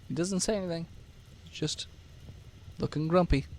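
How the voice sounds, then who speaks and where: A man's voice: on the high side, moderate pace, a little mellow. A man narrating a tabletop game as game master, describing scenes in a casual way with fillers.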